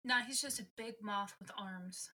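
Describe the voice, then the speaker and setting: A woman's voice: medium pitch, normal speed, bright, forceful tone, low-quality recording. A woman co-hosting a podcast in casual chat, making wry, dry remarks. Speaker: podcast co-host.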